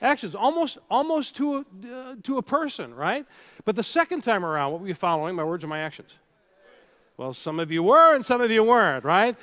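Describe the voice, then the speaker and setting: A man with a high-pitched voice delivers a keynote from a stage before a live audience. He tells stories with animation and playfully leads the crowd through exercises. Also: very animated, brisk, bright, forceful tone. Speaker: keynote speaker.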